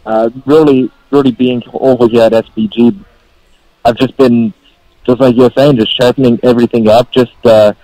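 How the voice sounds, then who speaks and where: A man with a Canadian accent answers interview questions in a laid-back way, often repeating words. His voice is mellow and warm. The sound is dry. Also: mid-range voice, level tone, moderate pace, dry recording, rough recording. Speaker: guest fighter.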